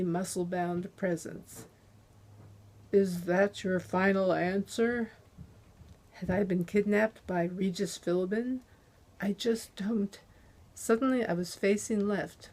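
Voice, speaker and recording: Slow-reading woman author narrating crime. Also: medium pitch, darkish tone. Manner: measured, deliberate narration. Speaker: author reading her novel. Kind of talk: first-person crime novel reading. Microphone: close handheld dynamic USB mic.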